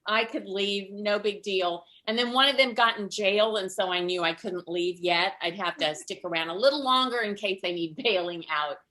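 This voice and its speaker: Bright-voiced older woman telling comic stories. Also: medium pitch, a little fast, few pauses. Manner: animated storyteller, acts out voices, laughs often. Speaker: stand-up comedian. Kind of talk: stand-up comedy storytelling. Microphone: video call.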